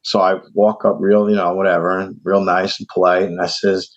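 A man from New York with a New York accent, casually telling a long story on a podcast and acting out the voices of the people in it. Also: brisk. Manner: animated, acts out quoted voices in a higher pitch. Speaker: podcast host. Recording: dull lo-fi podcast audio.

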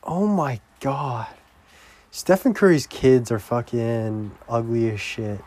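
A young man in a casual video diary, rambling crudely and breaking into loud, profane, exasperated outbursts. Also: medium pitch, slow. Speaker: vlogger.

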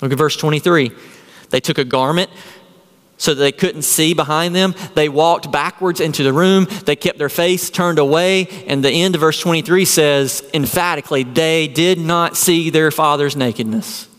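A male pastor delivers a sermon in an earnest, questioning manner. His voice sits a little high for a man. Long reverb from a big hall trails behind each phrase. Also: steady tone, moderate pace, fairly bright tone. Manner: earnest preaching with rhetorical questions.

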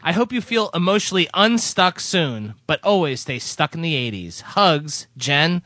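A man hosting a podcast, reading listener letters aloud in a casual, animated way and laughing now and then. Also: on the high side, normal speed, no echo.

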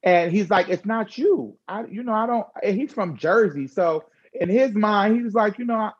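Frank, expressive woman, slightly dull recording. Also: mid-range voice, normal speed, breathy edge. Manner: frank and expressive, slangy asides. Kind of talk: candid conversational chat.

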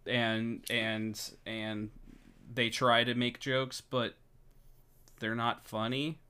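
A man's voice: medium pitch, little pitch movement, drawn-out words, sharp tone, smooth. A man co-hosting a podcast, chatting casually with rambling jokes and restarts. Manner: joking, rambling, self-interrupting. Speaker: podcast co-host. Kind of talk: casual chat.

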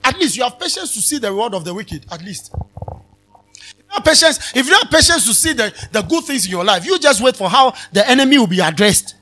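A man preaching a sermon as pastor at a live convention, repeating phrases and swinging between soft talk and shouts. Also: very high voice, very animated, a little fast, faint music behind.

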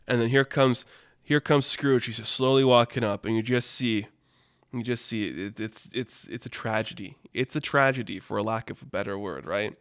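A man hosting a casual storytelling podcast, animated and laughing often, with lots of "like". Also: mid-range voice, moderate pace, clean tone, no room sound, clean studio sound. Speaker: storyteller host.

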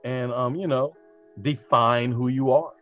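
A man's voice: mid-range voice, steady tone, measured pace, a bit bright, lo-fi sound, soft background music. A man who teaches art, talking casually and animatedly, often asking rhetorical questions. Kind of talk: casual podcast conversation.

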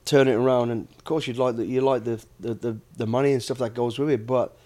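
A man's voice: medium pitch, fairly even intonation, quick pace, warm tone. A middle-aged man from the United Kingdom, blunt and plain-spoken, telling stories in a casual podcast chat. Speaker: podcast host, former soldier and bodyguard.

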